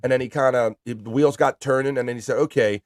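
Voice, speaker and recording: A man's voice: medium pitch, steady tone, fairly quick, dry recording, clean studio sound. A man hosting a live stream in casual chat, reading viewer messages aloud in an upbeat, chatty way.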